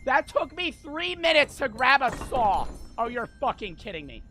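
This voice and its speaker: A young man streaming a surgery game, yelling and swearing in frantic outbursts. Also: very high voice, big pitch swings, normal speed, soft background music. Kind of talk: live gameplay commentary.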